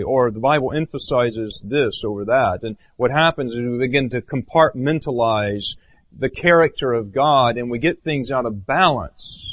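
A man preaching a sermon as pastor, earnest, swinging between raised emphatic phrases and low hushed ones. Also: unhurried, dull audio.

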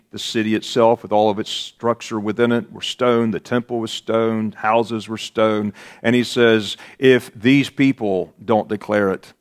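A man preaching a sermon as pastor, slow and deliberate, rising to emphatic peaks on key words. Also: fairly low pitch.

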